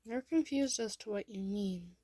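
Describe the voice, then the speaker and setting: A woman's voice: mid-range voice, moderate pace, warm tone, breathy edge. A woman reading a second-person fan story aloud, often in a half-whisper.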